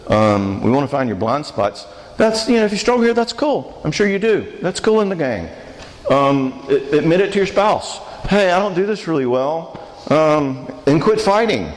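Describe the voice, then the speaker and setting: A man's voice: on the high side, sing-song, moderate pace. Man speaking at a church conference. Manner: conversational, joking, asks audience questions. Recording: reverberant church hall.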